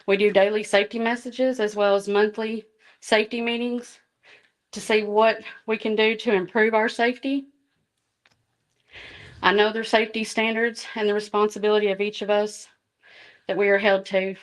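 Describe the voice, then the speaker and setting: A woman's voice: medium pitch, level tone, normal speed, pauses often. Woman, middle-aged, earnest public comment, emotional, reading notes. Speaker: school bus driver and safety trainer. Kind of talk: public comment at a board meeting.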